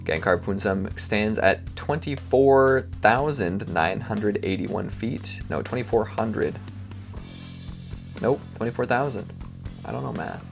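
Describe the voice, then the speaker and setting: A man's voice: on the low side, lively intonation, slow pace, gravelly, music in the background. A male video host, joking and poking fun at himself in a casual chat, recorded at home in his bedroom on a lavalier mic. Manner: joking, self-mocking, rambling. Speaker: host of a countdown video channel. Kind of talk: casual outro and blooper chatter. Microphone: lavalier microphone.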